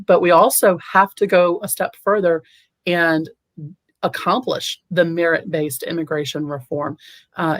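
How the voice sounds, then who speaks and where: A woman running for office, answering interview questions in an earnest way, often pausing on ums and restarting her sentences. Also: deep voice, dry recording. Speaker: political candidate guest.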